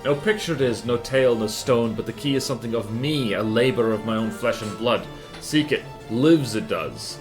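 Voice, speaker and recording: A man's voice: medium pitch, moderate pace, over music, close to an everyday voice. A man voicing an ancient, cryptic hag in a put-on Scottish accent, speaking in riddles with twisted word order. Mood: secretive. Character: ancient cackling hag crone, cryptic and possessive.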